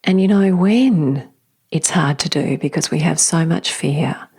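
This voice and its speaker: A woman hosting a spiritual podcast, speaking softly and slowly in a whispery, reflective way. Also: low voice, husky. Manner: soft, slow, often whispery and emotional. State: tearful at times. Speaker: podcast host.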